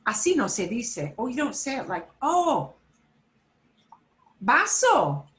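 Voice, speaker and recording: A woman's voice: fairly high pitch, expressive, brisk. A woman teaching a beginner Spanish lesson, explaining patiently step by step and mixing Spanish phrases into her English.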